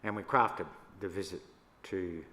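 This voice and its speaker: An older Australian man, a First Nations elder, telling stories to an audience in a relaxed, yarning way with laughs between them. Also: deep voice, measured pace. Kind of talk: storytelling talk to an audience. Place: church hall. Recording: echoey hall, faint room noise.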